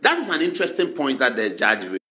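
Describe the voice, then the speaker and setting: Lively, bright-voiced Ghanaian man commenting. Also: medium pitch, fast. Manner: animated, acts out quoted exchanges. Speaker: political commentator. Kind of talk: political commentary.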